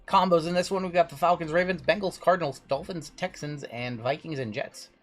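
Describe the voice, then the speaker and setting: A man's voice: on the high side, fairly quick. A man hosting a live card-break stream in a casual, chatty way. He rattles off long lists of names and teams and answers chat as he goes.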